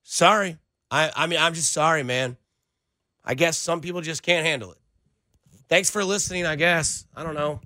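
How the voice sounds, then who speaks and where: A man's voice: on the high side, lively intonation, a little fast, bright, forceful tone, no echo. A male sports radio host talking with a sarcastic, riled-up edge.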